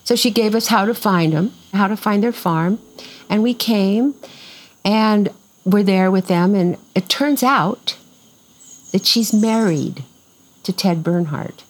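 An older woman being interviewed outside on a farm slowly tells a long, casual story in a mid-range voice, and the audio is poor. She's lively, starts sentences over as she rambles, and performs the quoted voices of others.

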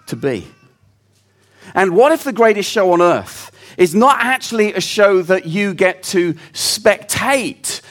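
A man preaching a sermon, telling a story in an earnest, reflective way. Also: sits high.

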